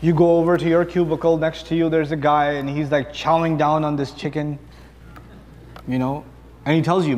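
A man with a notably high voice preaches in a long-echoing hall. He talks easily, cracks jokes, and keeps asking the crowd questions. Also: a little slow, pauses often. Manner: conversational, humorous, rhetorical questions to the audience. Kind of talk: sermon.

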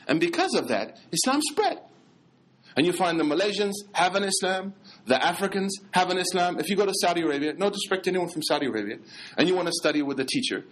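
An American man, an imam, giving a lively religious lecture in casual street slang mixed with scholarly terms. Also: fairly high pitch, a little hiss or hum. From United States.

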